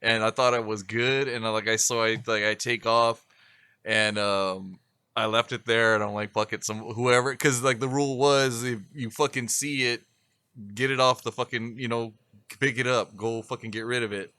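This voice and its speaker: A man on a podcast with a bright, forceful voice, rambling through a story full of swearing and laughter. The sound is dry and close, with no room around it. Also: mid-range voice, little pitch movement, moderate pace, smooth, no room sound. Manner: profane, rambling storyteller who laughs often. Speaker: podcast co-host. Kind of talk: casual chat.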